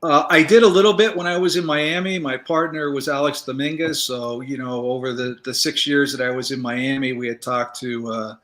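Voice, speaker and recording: A man, a former federal agent, telling stories in a casual interview, relaxed and rambling with many fillers. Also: medium pitch, moderate pace, few pauses.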